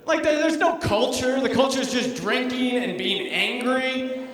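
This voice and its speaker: Stand-up comic, man, high voice, sarcastic and self-mocking, heard from far off in a long echoey hall. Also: unhurried, a bit bright. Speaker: stand-up comedian. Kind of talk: stand-up comedy set. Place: theater stage before a live audience.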